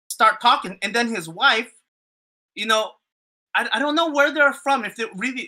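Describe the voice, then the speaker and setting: A man chatting on a podcast, spinning a story in loose, rambling fashion. His voice is very bright, and he swears freely and leans on fillers and restarts. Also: very high-pitched. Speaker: podcast co-host. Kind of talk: casual storytelling chat.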